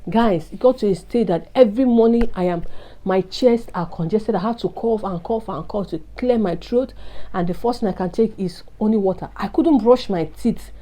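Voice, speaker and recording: Warm-toned and medium in pitch, a woman speaks at a moderate pace while sharing an emotional testimony as a vlogger. She's earnest and confiding with her viewers, addressing them as "guys."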